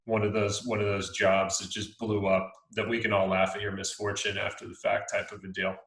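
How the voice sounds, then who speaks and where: Low-voiced man in an echoey room. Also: brisk, gravelly. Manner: relaxed, filler-heavy questioning. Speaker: podcast host. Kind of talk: casual interview chat.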